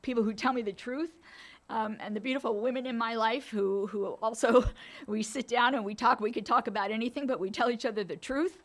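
A woman's voice: fairly high pitch, brisk. A woman in her fifties telling candid personal stories as a speaker at a recovery meeting, laughing often. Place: meeting room.

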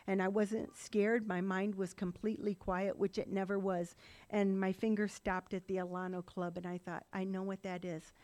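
A woman's voice: medium pitch, little pitch movement, normal speed, darkish tone. Rambling woman telling her recovery story. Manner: rambling, run-on storytelling with frequent laughs and asides. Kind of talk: personal testimony talk.

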